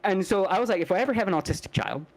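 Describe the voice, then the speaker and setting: A man with a somewhat high voice rants through a casual podcast chat. He rambles, swears freely and slips into mocking impressions as he gets going. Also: racing, low-quality recording. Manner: rambling, crude, animated rant with mocking put-on voices. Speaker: podcast co-host.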